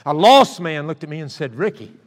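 High-voiced older preacher. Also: male voice, expressive, brisk. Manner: folksy storytelling that builds to impassioned preaching. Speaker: pastor. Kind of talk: sermon. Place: church sanctuary. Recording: reverberant church sanctuary.

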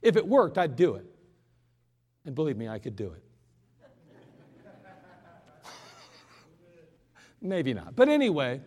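A man preaching an impassioned sermon in a church, swinging between loud urgent pleas and quiet hushed moments. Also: a little high, huge pitch swings, slow pace, pauses often, breathy edge, big-room sound. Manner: impassioned preaching, rising and falling in force. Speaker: pastor.

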